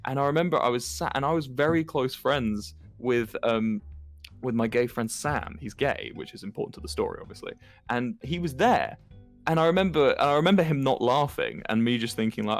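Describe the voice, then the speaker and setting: A man's voice: mid-range voice, expressive, brisk, soft background music. A young British man chatting casually on a podcast and telling frank stories about his past mistakes, swearing freely. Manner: candid storytelling with frequent swearing. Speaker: podcast co-host.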